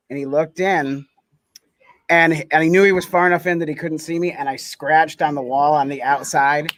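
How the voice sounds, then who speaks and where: A man's voice: a little high, steady tone, moderate pace, fairly bright tone, dry recording. A man co-hosting a live podcast, telling a playful story and teasing, acting out lines as he talks. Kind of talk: casual chat, telling a story. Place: live show at an event.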